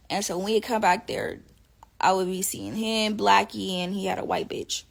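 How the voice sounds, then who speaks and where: A woman casually telling a profane, animated story to her viewers, laughing often. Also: mid-range voice, moderate pace, creaky. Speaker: live streamer talking to viewers.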